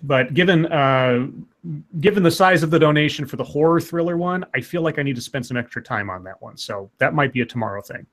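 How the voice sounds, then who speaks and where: A man's voice: a little high, expressive. A man co-hosting a casual livestream, reading out donations and stammering often. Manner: stammering, quick to laugh.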